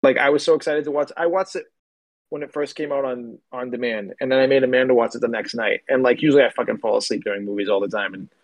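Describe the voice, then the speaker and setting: Quick talking guy, rambling and swearing, dry sound. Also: medium pitch, fairly even intonation, dry recording. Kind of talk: casual chat.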